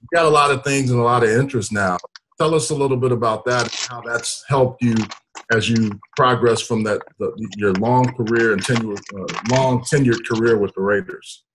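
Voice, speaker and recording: A man's voice: mid-range voice, a little fast, noisy background. A man hosting a sports talk interview, easygoing and rambling, chuckling as he asks questions. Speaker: host.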